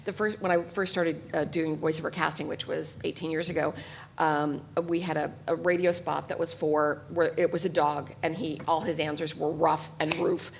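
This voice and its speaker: A woman's voice: deep voice, flat delivery, normal speed, gravelly, a little hiss or hum. A woman casting director moderating a panel, chatty and laughing as she tells stories. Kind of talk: casual panel talk.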